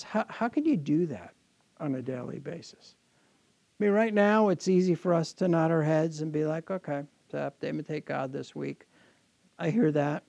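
A man's voice: a little high, gravelly, warm tone, no room sound. A man preaching a sermon as pastor to his congregation, earnest and often repeating words as he restarts.

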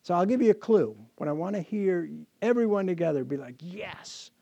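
A man's voice: high-pitched, animated, a little fast, gravelly, mellow, dry recording, muffled recording. A man preaching a sermon as pastor to his congregation, earnest and often repeating words as he restarts.

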